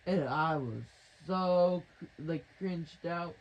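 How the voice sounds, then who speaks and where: Male storyteller, slightly high voice, slow crude rambling delivery. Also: lively intonation, dull audio. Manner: crude, rambling, mock-dramatic.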